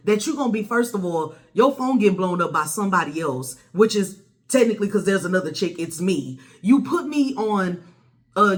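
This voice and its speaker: A woman, telling a personal story to the camera in a blunt, animated way with plenty of swearing. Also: a little high. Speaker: vlogger. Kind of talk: casual storytelling.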